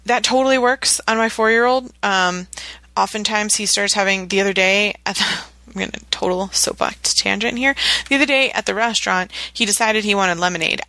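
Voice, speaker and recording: Bright-voiced chatty mom. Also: female voice, mid-range voice, no room sound. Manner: chatty, animated storytelling with acted quotes. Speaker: podcast co-host. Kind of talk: casual parenting advice chat.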